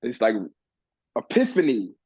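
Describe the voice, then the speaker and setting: A man guesting on a podcast, telling a personal story in an earnest, animated way with many restarts. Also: mid-range voice, unhurried, husky, no echo. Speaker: guest, men's coach. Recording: dull, dry lo-fi sound.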